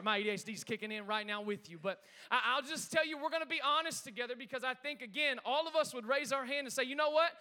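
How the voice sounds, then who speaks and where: Pastor, male, high bright voice, energetic sermon with call-outs to the room. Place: church sanctuary with congregation.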